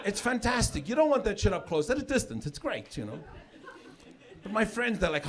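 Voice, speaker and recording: South African comedian with high voice. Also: male voice, sing-song, a little fast. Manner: chatty, repeats words when building jokes. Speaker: stand-up comedian. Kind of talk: stand-up comedy set. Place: comedy club stage with live audience. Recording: live set with audience laughter.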